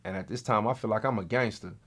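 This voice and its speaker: A man's voice: fairly low pitch, fast talker, a bit bright, breathy edge. A man telling his own life story as a guest, in streetwise slang with vivid, dramatic retelling. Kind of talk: first-person life story.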